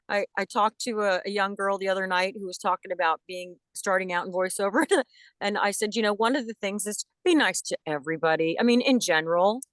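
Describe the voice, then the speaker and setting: Lively woman voice actress, dry sound. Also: medium pitch, no room sound. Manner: animated, enthusiastic, talks in quick restarts. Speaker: voice actress guest. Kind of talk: casual interview chat.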